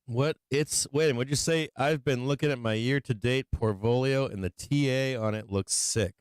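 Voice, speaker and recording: A man's voice: medium pitch, moderate pace, smooth, no room sound, studio quality. A man hosting a stock market livestream, chatting casually, a little tipsy, swearing a lot and laughing often. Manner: profane, rambling, laughing often. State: tipsy from drinking. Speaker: livestream market show host.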